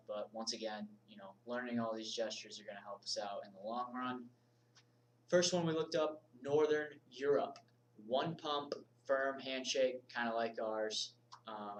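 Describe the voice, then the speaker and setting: Energetic man teaching casually. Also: medium pitch, recorded from a distance, slight background noise, rough recording. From United States. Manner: energetic, informal, moves around and gestures while talking. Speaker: body language instructor. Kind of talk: casual video lesson.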